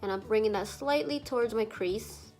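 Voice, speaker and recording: A woman's voice: fairly high pitch, normal speed, a little mellow, faint music behind. A young woman doing a chatty makeup tutorial, a little congested from allergies, with lots of filler words and some casual swearing. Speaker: beauty vlogger.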